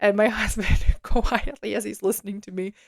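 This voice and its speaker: A woman's voice: mid-range voice, steady tone, moderate pace. A woman hosting an unscripted solo podcast. She talks candidly and emphatically, swears freely and often breaks into laughter. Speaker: podcast host.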